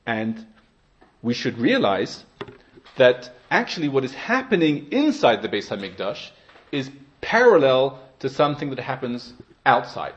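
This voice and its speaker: A man teaching a Torah lecture in a measured, explanatory way, now and then rising into emphatic stresses. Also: mid-range voice, very animated, lo-fi sound.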